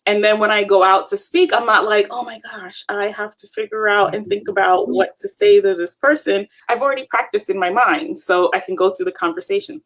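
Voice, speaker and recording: A woman's voice: mid-range voice, steady tone, fairly quick, few pauses, a bit bright. A woman co-hosting a live stream, coaching viewers in an encouraging, chatty way. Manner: encouraging, addresses viewers as "you guys". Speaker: co-host, Avon representative.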